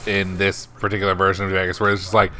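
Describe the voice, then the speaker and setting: A man's voice: low-pitched, completely flat delivery, fast talker, bright, forceful tone, slight background noise. A man chatting and laughing with a friend while they stream a game, often restarting his sentences. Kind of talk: casual game-stream chat.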